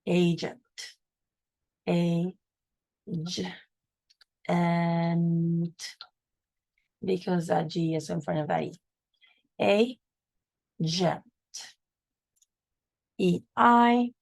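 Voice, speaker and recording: A woman's voice: fairly low pitch, steady tone, extremely slow, creaky, pauses often, a little mellow, no echo, low-quality recording. A woman teaching a phonics lesson, patiently sounding out words and spelling them letter by letter.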